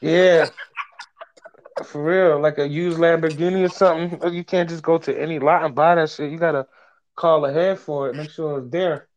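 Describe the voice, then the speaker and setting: A man's voice: a little high, steady tone, moderate pace. A man co-hosting a podcast, talking in a laid-back, slangy way. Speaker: podcast co-host. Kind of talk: casual podcast chat. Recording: dull lo-fi audio.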